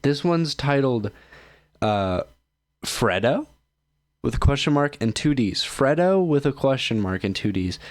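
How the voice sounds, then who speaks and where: A man's voice: mid-range voice, lively intonation, a little slow. A man hosting his own streaming show, reacting to videos in loose, joking, self-mocking chat while sounding tired and yawning. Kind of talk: casual rambling commentary.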